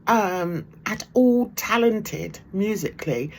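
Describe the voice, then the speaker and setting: A woman's voice: on the low side, takes it slowly, hardly any pauses. A middle-aged woman vlogging from her home art room, chatting casually to camera, laughing often and trailing off with ums. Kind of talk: casual gossipy chat to camera.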